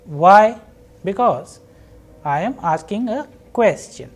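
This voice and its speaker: A woman teaching a recorded university lesson, explaining slowly and patiently and repeating each example. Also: on the low side, lively intonation, darkish tone, soft background music. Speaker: language teacher.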